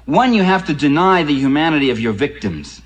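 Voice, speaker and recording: A man's voice: a little high, sing-song, brisk, low-quality recording. A man giving a public lecture in an impassioned, ironic way, building emphasis on key points.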